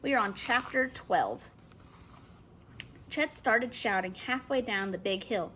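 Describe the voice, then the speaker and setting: A woman teacher reading a children's novel aloud with expressive narration. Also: medium pitch, a little slow.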